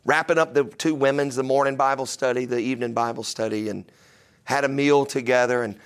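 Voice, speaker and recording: A man's voice: medium pitch, steady tone, a little fast, clean tone. A man preaching a sermon in a conversational, joking way, often putting questions to his listeners. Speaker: pastor.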